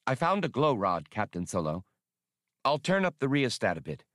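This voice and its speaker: A man voicing an earnest, excited small male alien scout in an audiobook. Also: medium pitch, moderate pace, dry recording, studio quality. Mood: eager.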